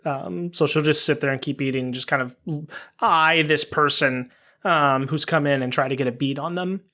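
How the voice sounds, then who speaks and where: A man's voice: a little high, moderate pace, pushed and bright. A man playing a tabletop game casually, plainly describing his character's actions. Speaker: player.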